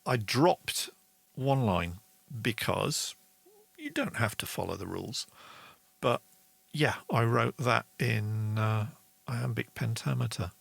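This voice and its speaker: A man's voice: mid-range voice, takes it slowly, vocal fry, fairly bright tone, breathy edge, no echo. A middle-aged man hosting a casual online songwriting lesson, chatty and enthusiastic as he explains meter. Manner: chatty and enthusiastic, reads viewer comments aloud, sings rhythm syllables. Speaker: songwriting show host.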